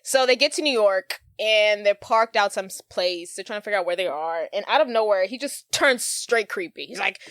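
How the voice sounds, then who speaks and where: A woman's voice: medium pitch, animated, normal speed, few pauses, a bit bright, no echo. A woman co-hosting a podcast, chatting casually as she retells a movie plot, laughing and acting out the lines. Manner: chatty, laughing, acts out quotes. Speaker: podcast co-host.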